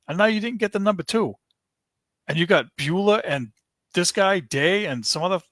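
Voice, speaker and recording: A man's voice: high voice, a bit bright, dry recording. A man, hosting a sports podcast, launches into an angry, fed-up rant, stumbling and repeating himself as he vents. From Boston area.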